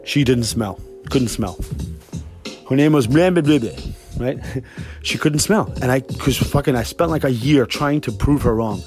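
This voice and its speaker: A young man hosting his own podcast, rambling through a profane and animated monologue at an ordinary, mid-range pitch. He swears freely and stacks up tangents. Faint music plays underneath. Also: a little slow. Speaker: podcast host. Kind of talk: casual monologue.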